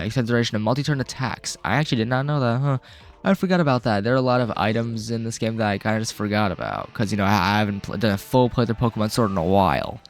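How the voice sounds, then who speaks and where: Chatty man narrating a game. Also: fairly low pitch. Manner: rambling, chatty, self-correcting. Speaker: game walkthrough host. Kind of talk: casual gameplay commentary.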